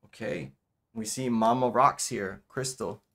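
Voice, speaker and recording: A man's voice: on the low side, a little slow, fairly bright tone. A man giving casual let's-play commentary, rambling with lots of fillers and repeated "okay.". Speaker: gameplay commentator.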